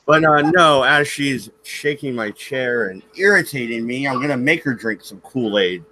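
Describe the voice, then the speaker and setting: A man's voice: mid-range voice, expressive, moderate pace, bright, forceful tone, a little hiss or hum. A man hosting a casual stream, joking and laughing often while he chats with his co-hosts. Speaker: stream host. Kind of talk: casual banter chat.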